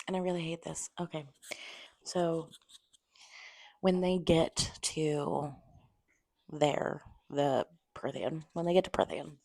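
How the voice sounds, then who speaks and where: Low gravelly woman recapping a book. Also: steady tone. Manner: blunt, swears freely, acts out characters in quick asides; drops to a near-whisper at times to keep quiet. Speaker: book reviewer. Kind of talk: casual spoilery book review chat. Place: home room at a table.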